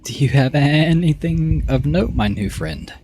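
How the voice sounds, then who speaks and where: A man putting on a weary demon postman with a rough Scottish-Irish lilt. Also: fairly high pitch, expressive, unhurried, warm tone, slight background noise, pitched above the performer's own voice. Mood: cheery. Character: male underworld postman, weary, eager for his holiday. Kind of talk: video game character voice.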